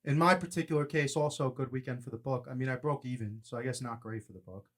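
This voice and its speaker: A man hosting a casual sports betting podcast, brash and fast-talking, ribbing his co-host. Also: mid-range voice, a bit bright. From New York area.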